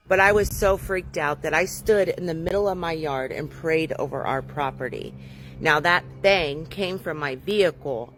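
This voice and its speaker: A woman's voice: fairly low pitch, slight background noise. A woman outdoors at her home, earnestly telling a frightening experience. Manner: earnest, shaken storytelling. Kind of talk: casual story time.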